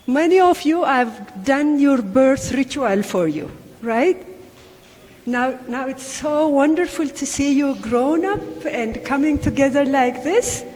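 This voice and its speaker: A woman's voice: high voice, lively intonation, slow, darkish tone. An older woman, a community elder with an Oromo accent whose first language is Afan Oromo, addressing children at a gathering with coaxing call-and-response and repeated phrases. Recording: reverberant hall with faint ambience.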